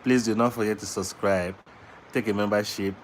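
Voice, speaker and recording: A man's voice: on the low side, steady tone, normal speed, a little hiss or hum, close to an everyday voice. A man speaking for his baby boy, greeting viewers in a slightly raised, upbeat voice. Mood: cheerful.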